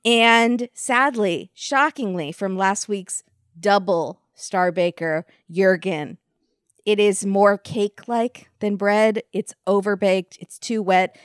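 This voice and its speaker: A woman co-hosting a chatty recap podcast, her mid-range voice recorded close and dry. She retells the events with wry humor and lively energy, often breaking into laughs. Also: mid-range voice, takes it slowly, clear, resonant tone, dry recording. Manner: wry, animated storytelling with frequent laughs. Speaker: podcast co-host. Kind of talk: casual recap chat.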